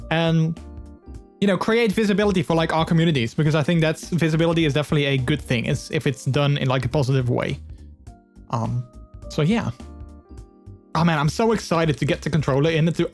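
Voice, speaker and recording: A man's voice: fairly high pitch, fairly quick, pauses often, a little mellow, faint music behind. A man streaming live, chatting with his viewers in a rambling, earnest way full of fillers. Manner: open and earnest. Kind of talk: casual live-stream chat.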